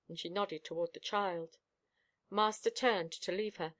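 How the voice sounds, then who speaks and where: A woman reading a novel aloud in first-person narration, expressive and measured. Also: fairly low pitch. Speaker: audiobook reader.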